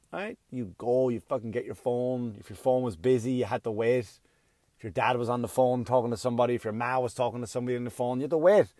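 A man's voice: medium pitch, a little fast, a little mellow, no echo, studio quality. A middle-aged man doing a profane, ranting stand-up comedy set, acting out little voices as he goes.

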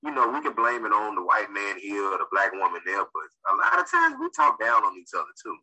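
A man with a very deep, husky voice talks on a casual group podcast. His tone is strikingly bright and forceful, and he makes his points with earnest emphasis. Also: wildly swooping pitch, a little fast, rough recording.

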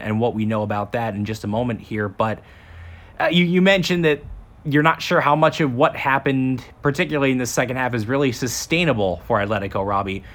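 A man's voice: medium pitch, a bit bright. A man hosting a sports talk podcast, recapping the match and then putting questions to his co-host.

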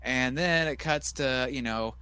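Retelling a wrestling show for the podcast he co-hosts, this man mimics the people in it using goofy voices in a casual recap chat. He speaks at a measured pace in a mid-range voice with a sharp tone, and there's a little hiss or hum.

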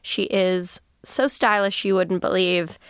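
A woman hosting an interview and asking gentle, measured questions. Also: mid-range voice, clear, resonant tone, no echo, studio quality. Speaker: interviewer, host.

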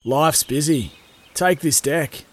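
A man's voice: on the high side, takes it slowly, dry recording, clean studio sound. A man in a casual radio advert, laid-back and wry.

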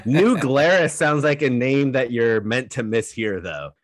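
A man chimes in on a casual sports podcast with wry, slightly halting remarks. His voice sits in an ordinary middle pitch. The recording is dry, with no room sound. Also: no room sound. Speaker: podcast co-host.

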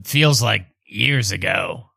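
A man voicing a bewildered father just released from a trance, talking slowly and apologetically. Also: lowish voice, lively intonation, creaky, pushed and bright, slightly rough, dry recording, studio quality, exaggerated voice. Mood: dazed.

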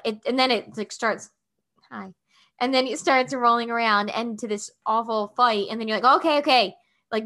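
A woman co-hosting a casual couples podcast, telling stories in a rambling, animated way full of filler words. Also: on the high side. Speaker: podcast co-host.

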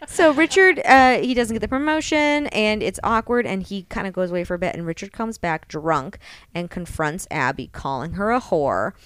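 Lively, foul-mouthed woman recapping a book. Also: mid-range voice, normal speed, clean tone, dry recording. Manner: animated storytelling, acts out characters' lines, swears freely. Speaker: podcast co-host. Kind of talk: casual chat, recapping a romance novel.

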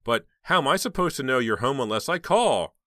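A man voicing a blunt, joking teenage girl with a hoarse, squeaky voice. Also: very animated, a little fast, bright, forceful tone, no echo, clean studio sound. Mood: teasing. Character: short chunky teenage girl, blunt joker.

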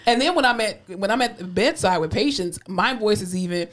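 A young woman with a lively, swooping voice co-hosts a casual podcast. She banters quickly and tosses in jokey asides and playful comebacks. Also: medium pitch, crowd noise. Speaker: podcast co-host and physical therapist. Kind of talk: casual chat.

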